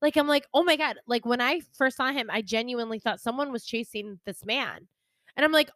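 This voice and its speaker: Young woman co-host, chatty, animated storyteller, slightly high voice, dry close mic. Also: fairly quick, no room sound. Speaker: podcast co-host. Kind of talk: casual chat. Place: hairdresser, talks of her salon.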